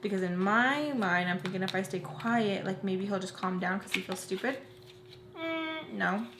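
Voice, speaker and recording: A woman vlogger with an expressive, medium-pitched voice gives a casual storytime as she does her makeup. She retells a personal experience rapidly and with emotion, filling it with "like" and other fillers. Expect roomy echo and background noise.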